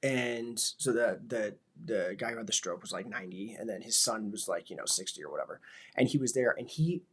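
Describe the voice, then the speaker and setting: Husky-voiced dad rambling casually. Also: male voice, fairly low pitch, lively intonation, a little fast. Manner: rambling, many filler words. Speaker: vlogger, father. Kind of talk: casual reflective talk.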